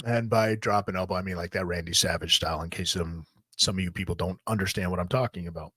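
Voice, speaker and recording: A man's voice: deep voice, fast talker, fairly bright tone, breathy edge, no room sound. A man hosting a talk show, telling a story in a casual, profane and jokey way. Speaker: host.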